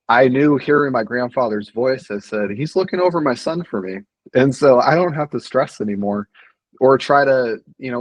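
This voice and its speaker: A middle-aged man talking earnestly and reflectively as a podcast guest, with many pauses and restarts. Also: medium pitch, no room sound, low-quality recording. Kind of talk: casual conversation.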